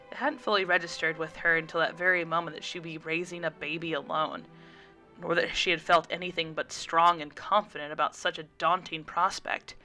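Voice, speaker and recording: A woman narrates a chapter of a story in a low, bright, forceful voice. Her read-aloud delivery is lively. Soft music sits faintly behind her. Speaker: guest reader.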